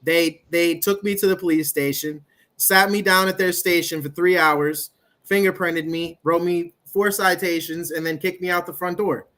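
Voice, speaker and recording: Man, high voice, insistent, long-winded explaining, live chat. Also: steady tone, moderate pace, bright, forceful tone. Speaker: activist guest.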